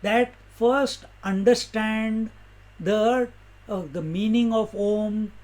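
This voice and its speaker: A man teaches scripture in a relaxed discourse. His voice sits high, and he takes his time, pausing and posing questions to his listeners before answering them. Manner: slow, unhurried teaching with rhetorical questions and soft laughs. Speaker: spiritual teacher.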